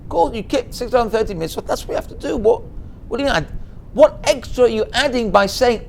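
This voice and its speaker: A middle-aged man giving a Torah lesson as a rabbi, telling a story in a lively way and mixing in Hebrew and Yiddish words. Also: high-pitched, normal speed, vocal fry, a little hiss or hum.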